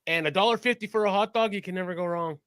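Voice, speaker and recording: A man co-hosting a podcast in casual chat, animated, laughing often and swearing freely. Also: sits high, fast talker, smooth, dry recording, clean studio sound. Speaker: podcast co-host.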